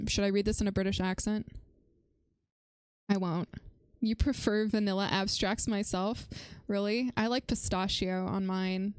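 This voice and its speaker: A woman's voice: mid-range voice, steady tone, measured pace, pauses often, a little mellow, clean tone, no room sound, clean studio sound. A woman live-streaming as she reviews a research paper, chatting playfully with viewers and breaking her explanations with fillers and restarts.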